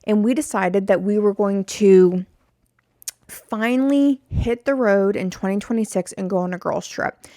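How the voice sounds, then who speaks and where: A woman's voice: mid-range voice, measured pace, dark tone, no echo, clean studio sound. A woman hosting her own podcast, chatting alone in a rambling, self-deprecating way and often drifting off on tangents. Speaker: podcast host. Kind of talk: solo podcast chat.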